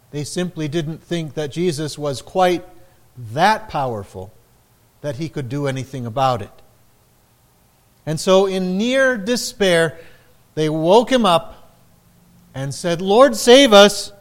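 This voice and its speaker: A man preaching a sermon in a slow, measured way, raising his voice for quoted lines. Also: fairly high pitch. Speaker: pastor.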